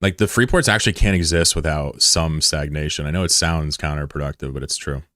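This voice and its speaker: A man's voice: rumbling low, a little fast, pushed and bright, no echo, studio quality. A man streaming a game, chatting casually with viewers in a joking, laid-back, profane way.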